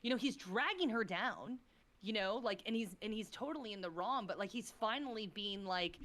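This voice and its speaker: A woman's voice: mid-range voice, moderate pace, a bit bright, a little hiss or hum. A woman guest on a podcast, talking in an impassioned, emotional way, swearing freely and filling her speech with "like.". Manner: effusive, swears freely, fillers of "like"; emotional, gushing. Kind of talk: impassioned casual chat.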